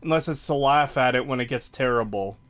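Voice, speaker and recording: A man's voice: medium pitch, fairly quick, fairly bright tone. A man co-hosting a podcast in casual chat, blunt and offhand, swearing freely. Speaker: podcast co-host.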